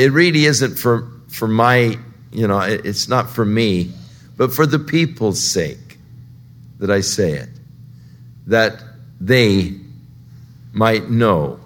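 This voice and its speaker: A man preaching a verse-by-verse Bible teaching sermon, conversational and unhurried, rising louder at dramatic points. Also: medium pitch. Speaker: pastor.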